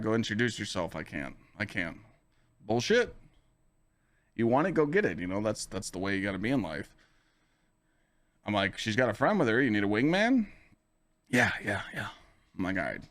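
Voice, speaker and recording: A man hosting a podcast, telling a story in a casual, profane way, full of filler phrases. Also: fairly low pitch. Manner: animated, profane, full of "you know" fillers. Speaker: podcast host and streamer.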